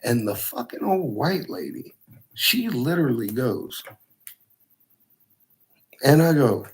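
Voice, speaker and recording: A man casually telling a profane, animated story about a frightening night. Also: medium pitch, a little slow, pauses often, slightly rough.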